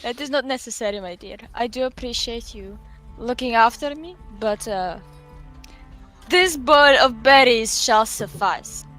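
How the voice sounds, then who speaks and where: A woman playing a courteous man, put-on Russian accent, quiet, formal, bright tone. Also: a little high, a little slow, soft background music, rough recording. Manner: formal, courteous, searching for words. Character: genteel young man with fake Russian accent.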